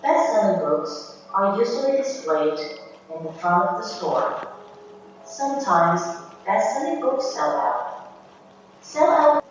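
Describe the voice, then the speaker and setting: Brief: female narrator, very slow scripted delivery, played through speakers from across an echoey room. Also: mid-range voice, sing-song, muffled recording, slight background noise. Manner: slow, deliberate reading of example sentences. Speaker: video narrator. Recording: echoey video playback heard from far off in classroom.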